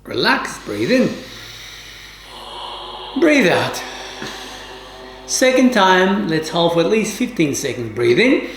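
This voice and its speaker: Calm woman leading yoga in an echoey room. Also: on the low side, slight background noise. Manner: calm, measured commands with formal, old-fashioned phrasing. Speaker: yoga teacher. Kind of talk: guided yoga class instruction.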